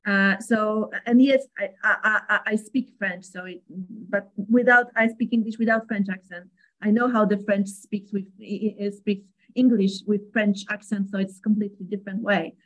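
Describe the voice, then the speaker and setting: A woman's voice: medium pitch, steady tone, normal speed, rough recording. A woman with a Polish accent, a native Polish speaker, chatting as a guest and searching for her English words. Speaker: guest co-author. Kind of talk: casual chat.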